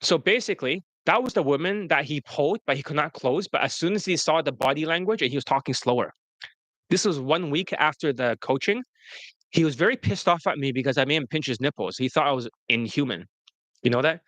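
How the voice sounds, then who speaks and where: A man's voice: on the high side, animated, a little fast, fairly bright tone, dry recording. A man, a dating coach, telling stories to an interviewer in a blunt, profane, rambling way. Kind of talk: casual storytelling to an interviewer.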